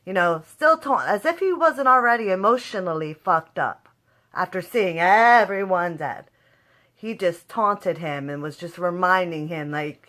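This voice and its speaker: A woman's voice: on the low side, measured pace, bright, forceful tone. A young woman giving a casual spoken review of a TV episode, talking through her reactions and acting them out with a rising voice. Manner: emotive, acts out her own reactions with rising voice.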